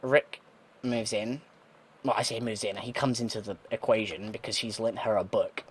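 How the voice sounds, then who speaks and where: A man's voice: fairly low pitch, steady tone, normal speed, a little hiss or hum. A young man giving casual gameplay commentary, thinking aloud with sarcastic asides and the odd swear word. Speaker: let's play gamer.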